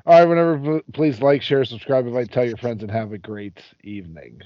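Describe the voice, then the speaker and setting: A man co-hosting a podcast in casual chat, laughing often and reacting quickly. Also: mid-range voice, dry recording, dull audio. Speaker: podcast co-host.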